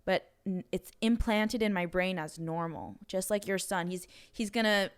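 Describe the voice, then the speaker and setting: A woman's voice: mid-range voice, normal speed, clean tone. A young woman in her twenties hosting a podcast, chatting animatedly and saying "like" a lot. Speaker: podcast host. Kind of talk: casual podcast conversation.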